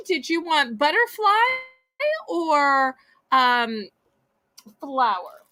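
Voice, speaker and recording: A woman's voice: high-pitched, animated, slow, sharp tone, no room sound, clean studio sound. A woman hosting a live online auction, with chatty, folksy sales patter and a voice she says is wearing out. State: losing her voice. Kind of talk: live-stream selling chat.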